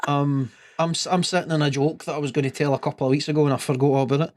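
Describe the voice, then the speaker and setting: A man's voice: fairly high pitch, steady tone, racing, darkish tone, a little hiss or hum. Easygoing man telling a joke. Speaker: podcast co-host.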